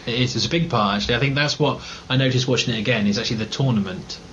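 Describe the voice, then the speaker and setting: An English man co-hosts a casual film review podcast, talking very fast in a medium-pitched voice. The recording is muffled with a noisy background, and he rambles, hesitates, and corrects himself as he goes.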